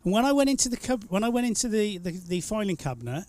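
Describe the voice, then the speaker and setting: A man's voice: high-pitched, big pitch swings, quick pace, a little mellow, no echo. A man hosting a live stream, chatting casually and telling rambling, teasing stories. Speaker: stream host. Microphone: studio mic.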